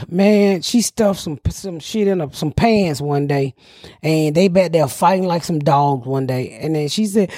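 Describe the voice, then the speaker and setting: A woman, telling stories in a brash, profane, animated way. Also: sits low, unhurried, no room sound, studio quality. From United States. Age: older. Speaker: podcast host. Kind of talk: casual comedic storytelling.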